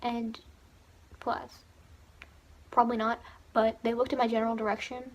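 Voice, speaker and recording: A woman's voice: fairly high pitch, flat delivery, moderate pace. A teenage girl telling a story on her vlog in a gushing, giggly way, with lots of fillers and laughter. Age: teens. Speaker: vlogger. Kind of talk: excited storytelling.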